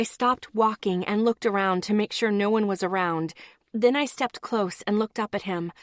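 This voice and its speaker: A woman's voice: mid-range voice, a little slow, dry recording, studio quality. A woman narrating a first-person paranormal audiobook in a blunt, tense, profane voice.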